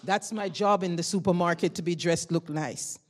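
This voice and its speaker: A woman giving a spoken testimony to a congregation, telling a story with lively swings from loud exclamations to hushed tones and frequent laughter. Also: lowish voice, moderate pace. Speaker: church member giving testimony.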